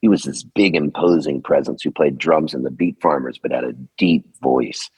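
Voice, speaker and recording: A man's voice: rumbling low, normal speed, breathy edge, no room sound. A man in his sixties, a musician guest telling stories in an interview and acting out the people he quotes. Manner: lively storyteller who acts out the people he quotes. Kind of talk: storytelling interview.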